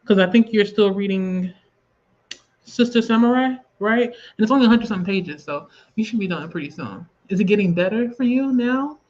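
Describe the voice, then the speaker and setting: A woman's voice: medium pitch, moderate pace, darkish tone. A woman with a Southern US accent, hosting a casual livestream and chatting at length as she reads viewer comments aloud. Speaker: livestream host. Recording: slightly dull lo-fi stream audio.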